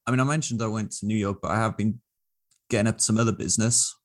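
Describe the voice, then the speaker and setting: A man's voice: on the low side, steady tone, fast talker, no room sound. A young man co-hosting a comedy podcast, talking in a dry, tongue-in-cheek way with hesitant fillers. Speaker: podcast co-host. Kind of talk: casual comedic podcast chat.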